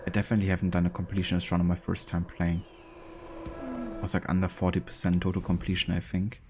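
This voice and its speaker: A man with a German accent talks through his game in a very low, deep voice. His manner is relaxed and chatty as he chats easily with his viewers. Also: fast, background noise. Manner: relaxed and chatty, with easy laughs. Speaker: streamer. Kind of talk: casual gameplay chat with viewers.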